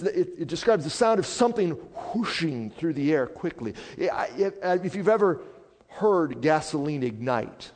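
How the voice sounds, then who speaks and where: A man preaching a sermon as a pastor, swinging from hushed, quiet passages up to loud, emphatic declarations. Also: a little high, lively intonation, normal speed. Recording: long hall reverb.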